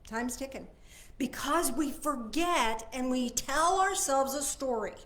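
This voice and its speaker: High-voiced woman leading a casual service. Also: expressive, normal speed. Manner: conversational, often checks in with listeners; swings between soft asides and emphatic points. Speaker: spiritual minister. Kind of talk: informal Sunday service teaching.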